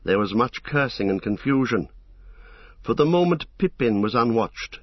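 A man narrating a fantasy audiobook in a measured, dramatic storytelling manner, in a dull, muffled recording. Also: mid-range voice, animated, no room sound.

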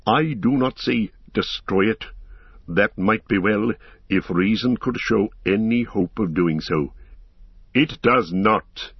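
A man's voice: lowish voice, slow, slightly rough, dry recording, exaggerated voice. A man voicing a proud, fervent tall warrior in an audiobook, impassioned, pleading and raging. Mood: urgent. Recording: slightly dull lo-fi recording.

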